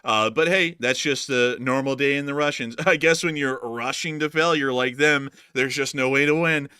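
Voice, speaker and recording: A man with a Southern US accent runs a casual war news livestream. His voice is bright and clean, recorded dry and close to the mic. He rambles in a folksy way and keeps looping back to thank viewers. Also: mid-range voice, normal speed, clear, resonant tone, no room sound. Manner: folksy, rambling, repeats thanks, drawling asides.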